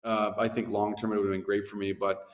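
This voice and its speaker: Ex-athlete guest, 30s, low voice, casual storyteller; echoey room with long reverb. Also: male voice, fast talker. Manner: laid-back, animated anecdotes with slangy asides. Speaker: former hockey player, interview guest.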